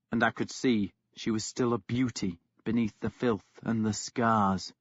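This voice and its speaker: A man narrating a historical novel in a measured, grave storytelling manner. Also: mid-range voice, no room sound, muffled recording. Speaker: audiobook narrator.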